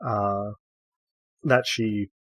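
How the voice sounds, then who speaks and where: Low-voiced man narrating as game master. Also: extremely slow, dry recording. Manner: relaxed, filler-heavy narration.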